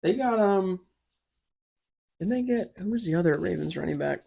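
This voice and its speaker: A man's voice: high-pitched, normal speed, creaky. Chatty man on a sports podcast. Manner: chatty, animated storytelling. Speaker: podcast co-host. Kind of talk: casual sports chat.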